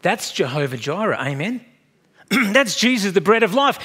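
Animated pastor preaching. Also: male voice, sits high, moderate pace, breathy edge. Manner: conversational and animated, acts out dialogue, emotional at times. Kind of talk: sermon. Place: church.

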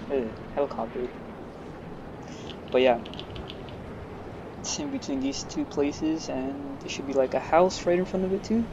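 A man's voice: a little high, muffled recording, noisy background. A man giving casual gameplay commentary as a video host, rambling along, laughing at his own slips and filling gaps with "and yeah". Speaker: gaming YouTuber. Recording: game sounds loud behind the voice.

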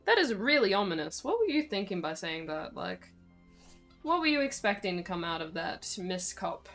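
A woman's voice: medium pitch, sing-song, moderate pace, a bit bright, soft background music. A woman streaming a game live, giving chatty, wry commentary on the story. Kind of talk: casual let's-play commentary.

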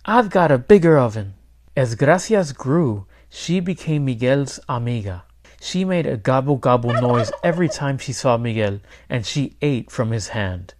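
A man, a teacher, reading a children's picture book aloud in clear, steady storytelling. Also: mid-range voice, measured pace. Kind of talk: children's read-aloud narration.

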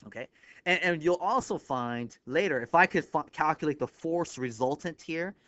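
Smooth-voiced man explaining at a whiteboard. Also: a little high, moderate pace, fairly bright tone, no room sound. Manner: thinks aloud, punctuates steps with 'bam'; explains step by step with frequent 'right here'. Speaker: engineering instructor. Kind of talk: whiteboard lecture. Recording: slightly dull, lo-fi dry recording.

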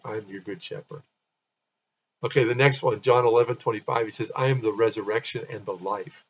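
A man's voice: medium pitch, breathy edge, lo-fi sound. A man giving an informal, conversational Bible teaching, often restarting and correcting himself.

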